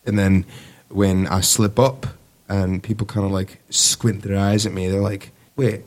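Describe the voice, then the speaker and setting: A man in his twenties with a Midwestern American accent, a Navy sailor and guitarist talking in a relaxed, rambling way in a casual interview. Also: low voice, measured pace. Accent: Midwestern American, put-on. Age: 20s. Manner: relaxed, rambling, laughs easily.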